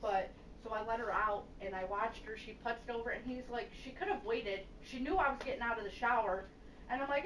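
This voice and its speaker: A woman casually telling stories in a profane, animated way, quoting people as she goes, on a game voice call. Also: a little high, a little fast. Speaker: gamer chatting on voice call. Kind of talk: casual storytelling. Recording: echoey, distant, noisy game voice chat.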